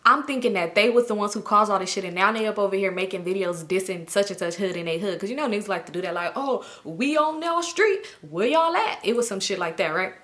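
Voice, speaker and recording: A woman's voice: fast, few pauses. A woman, telling a story in a casual vlog and acting out everyone's lines with big jumps in her voice. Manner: animated, acts out quotes with big pitch jumps. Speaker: storytime vlogger.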